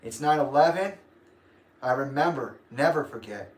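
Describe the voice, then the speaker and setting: A man's voice: mid-range voice, animated, normal speed. A young man hosting a casual livestream, rambling and grumpy, laughing often. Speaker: livestream host. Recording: echoey room.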